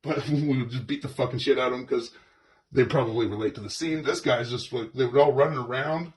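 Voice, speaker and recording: A man's voice: mid-range voice, a little fast, a little mellow, breathy edge, lightly acted. A man playing a crude, foul-mouthed police officer, ranting sarcastically and profanely as he comments on video footage. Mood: sarcastic.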